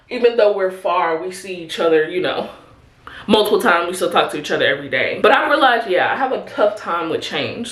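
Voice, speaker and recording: A woman's voice: mid-range voice, fairly bright tone, reverberant. A woman in her twenties from Chicago, chatting candidly with her viewers in a casual get-ready-with-me vlog, calling them "y'all" and "honey". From Chicago, USA. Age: 20s. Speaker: vlogger. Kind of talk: casual chat while getting ready.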